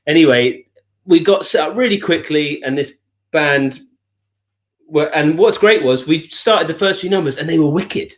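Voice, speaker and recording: A man from England co-hosting a live music chat show, telling an anecdote in an animated way and often laughing. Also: a little high, normal speed. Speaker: show co-host. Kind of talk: casual storytelling chat.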